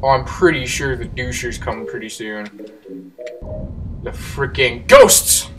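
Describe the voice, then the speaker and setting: A man commentating a horror game as he plays, jumpy, swearing and yelling at the enemies. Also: medium pitch, very animated, measured pace, pauses often, background noise. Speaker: let's play gamer. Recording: distant mic with game music behind.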